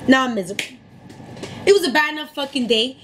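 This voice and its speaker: A high-voiced young woman tells a story in a casual, fired-up rant full of swearing. She speaks to camera with a faint hum of room noise behind her. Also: fast talker, rough recording. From New York City area. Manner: profane, heated, animated retelling. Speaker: vlogger telling a story.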